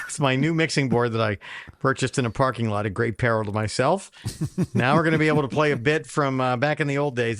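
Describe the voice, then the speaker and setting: A man's voice: medium pitch, a bit bright, dry recording. Male podcast host, wry and joking, dry close sound. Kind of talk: casual chat.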